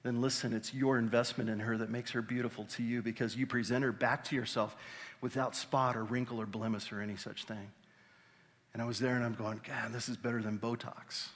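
A pastor preaching a conversational, animated sermon with exclamations. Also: male voice, mid-range voice, a little fast. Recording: reverberant hall.

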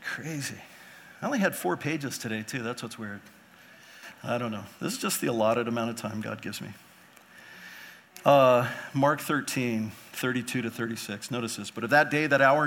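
A man preaching a sermon with impassioned swings between quiet and loud emphasis, acting out biblical figures in casual modern speech. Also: mid-range voice. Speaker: pastor.

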